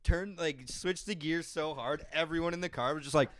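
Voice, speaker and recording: A man's voice: on the high side, normal speed, crowd noise. A young man co-hosting a podcast, laid-back in casual chat, laughing and swearing through his stories. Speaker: podcast co-host.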